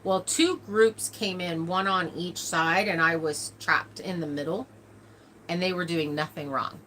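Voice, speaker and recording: Bright-voiced woman chatting on a livestream. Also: fairly low pitch, steady tone, a little slow, slight background noise. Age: adult, older than a cousin nine years younger. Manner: chatty storytelling with frequent laughs. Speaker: livestream host of a farm channel. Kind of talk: casual livestream chat, answering viewer comments.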